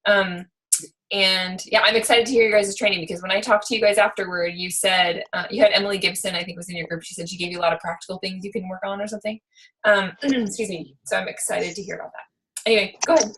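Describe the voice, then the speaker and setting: A woman's voice: medium pitch, fairly even intonation, quick pace, fairly bright tone, poor audio. A woman hosting a team call, enthusiastically praising speakers and handing off to the next one. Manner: enthusiastic, encouraging. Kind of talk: casual hosting.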